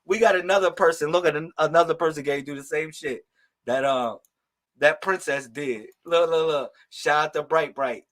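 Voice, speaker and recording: A man hosting a casual live stream of psychic readings, talking loud and slangy, laughing and calling out to viewers. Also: on the high side, normal speed. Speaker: livestream host giving psychic readings.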